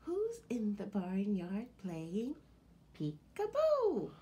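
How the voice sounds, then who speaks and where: A woman librarian leading a children's storytime and sing-along, animated and talking to her listeners as friends. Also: sits high, slow pace, a little hiss or hum.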